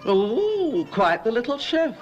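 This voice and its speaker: A woman's voice: on the high side, sing-song, slow pace, highs cut off, faint music behind. A woman playing a wry, doubtful mother in a kitchen appliance advert.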